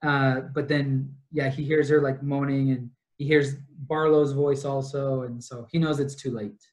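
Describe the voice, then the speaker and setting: A man's voice: mid-range voice, little pitch movement, a little slow. A young man in casual book-club talk, retelling a plot at length with lots of fillers and asides. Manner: rambling, detail-heavy retelling with many fillers. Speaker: podcast co-host.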